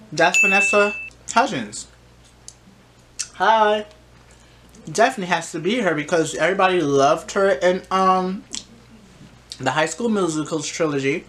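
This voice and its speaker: A woman's voice: lowish voice, expressive, measured pace, long pauses, fairly bright tone. A woman giving casual reaction commentary on a TV singing show, talking back to the screen with sass. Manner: sassy, talks back to the screen. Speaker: reaction vlogger.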